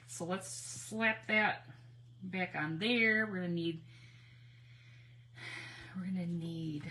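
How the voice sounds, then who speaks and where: A woman hosting a casual crafting livestream on her phone, chatty and giggly, nervously excited as she talks to viewers. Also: on the low side. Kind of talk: casual live crafting chat.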